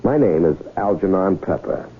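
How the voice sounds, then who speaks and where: An actor playing a theatrical, smooth-talking con man in a 1970s radio drama, wheedling and teasing. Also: low-pitched, expressive, moderate pace. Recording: tinny old radio broadcast.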